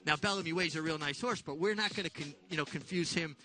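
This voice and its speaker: A man co-hosts a horse racing analysis show and talks viewers through race replays. His delivery is measured and explanatory. His voice sits a bit high and has a bright, forceful edge. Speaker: show co-host.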